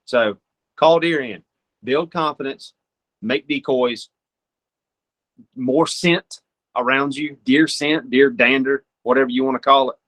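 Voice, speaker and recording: A young man from Georgia, a podcast guest giving hunting advice through lively stories and imitating deer sounds and calls. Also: mid-range voice, measured pace, long pauses.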